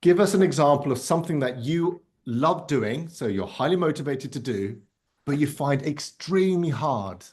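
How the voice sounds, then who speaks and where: A man's voice: a little high, animated, moderate pace, a little mellow. A man leading a live online masterclass on a video call, explaining ideas in a conversational way and checking in with "right?". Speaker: workshop instructor.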